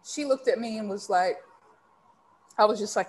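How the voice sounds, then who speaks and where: A woman's voice: mid-range voice, moderate pace, long pauses, darkish tone, slight background noise. A woman from Texas, a leadership coach guesting on a podcast, telling a personal story in an earnest, heartfelt way with many ums. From San Antonio, Texas. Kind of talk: storytelling interview.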